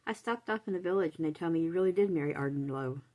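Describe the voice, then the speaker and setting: A woman reading aloud, voicing a spiteful young woman who taunts in a smooth, mocking tone. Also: low-pitched, fast talker, darkish tone, natural voice, rough recording.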